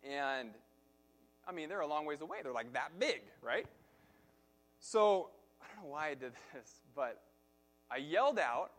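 A male pastor preaching a sermon, telling a personal story in an animated way, swinging from soft to loud. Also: a little high.

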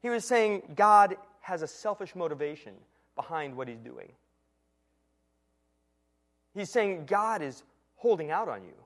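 Man preaching, higher voice, sinking to a hush. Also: lively intonation. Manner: earnest teaching tone, slows and drops to a hush at key lines. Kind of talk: sermon.

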